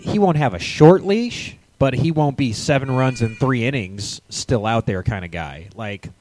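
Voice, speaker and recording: A man's voice: medium pitch, animated, normal speed, a little mellow, slight background noise. A man co-hosting a live sports podcast, chatting casually and rambling with frequent stammered restarts. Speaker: podcast co-host.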